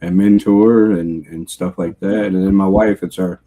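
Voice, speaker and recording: Very deep, dark-voiced male co-host. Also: steady tone. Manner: soft-spoken, halting. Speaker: podcast co-host. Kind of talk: casual live podcast chat.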